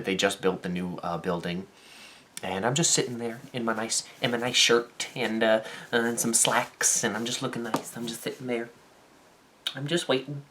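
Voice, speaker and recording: A young man talking casually in a vlog, acting out the people in his story with a lively, animated delivery, and turning soft and earnest when the talk gets serious. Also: lowish voice, a little hiss or hum. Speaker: vlogger and dance teacher.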